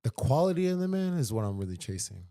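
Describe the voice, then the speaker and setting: A man's voice: medium pitch, sing-song, fast talker, mellow. A man as a podcast guest, talking sincerely and repeating phrases for emphasis. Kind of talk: casual podcast conversation.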